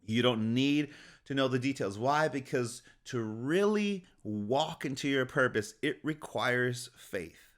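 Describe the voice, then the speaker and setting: A man giving an encouraging, motivational faith talk, upbeat and quick to laugh. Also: mid-range voice, lively intonation. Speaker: faith speaker.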